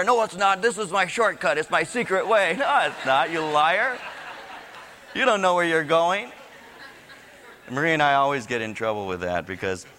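A man's voice: on the high side, fairly bright tone. A male pastor preaching a sermon in a folksy way, with joking asides that turn into fervent preaching. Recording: long hall reverb.

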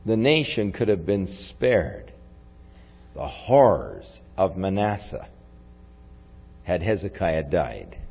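A man preaching a sermon, reflective in tone and rising to forceful when he reads scripture aloud. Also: low voice, big pitch swings, slow pace, gravelly, long pauses, husky. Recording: long hall reverb, dull lo-fi sound.

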